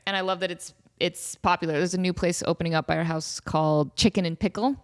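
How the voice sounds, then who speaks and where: She talks fast in a lowish, steady voice: a woman in her thirties hosting a podcast at home near Las Vegas, breezing through fan questions with jokes and lots of fillers and asides in casual chat.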